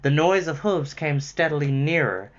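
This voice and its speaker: A man's voice: fairly high pitch, moderate pace. Man reading a storybook aloud. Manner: lively, expressive reading. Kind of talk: reading a children's novel aloud. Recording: slightly muffled lo-fi recording.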